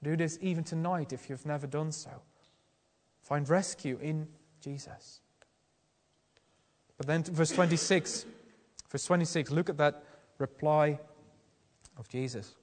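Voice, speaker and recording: High-voiced man preaching in a hall. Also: a little slow, pauses often, darkish tone. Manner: earnest, questioning, with frequent restarts. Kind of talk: sermon.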